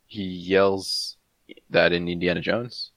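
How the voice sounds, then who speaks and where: A man's voice: sits low, fairly even intonation, slow, fairly bright tone, dry recording. A young man co-hosting a casual movie podcast, teasing the others offhandedly. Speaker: podcast co-host. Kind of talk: casual chat.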